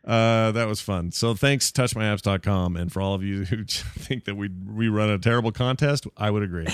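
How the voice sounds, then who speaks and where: In a casual podcast conversation, this male co-host keeps cracking jokes and laughing frequently. He talks at a moderate pace in a lowish voice that is clear and resonant, captured at studio quality with no room sound.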